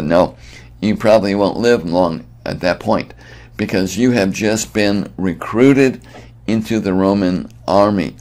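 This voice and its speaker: A man's voice: lowish voice, unhurried, darkish tone. A middle-aged man preaching an earnest, emphatic sermon, often restarting his phrases.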